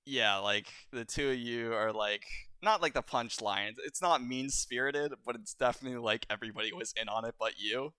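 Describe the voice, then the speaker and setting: A man narrating a tabletop game as game master, animated and often laughing. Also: mid-range voice, normal speed, few pauses, clear, resonant tone, no room sound.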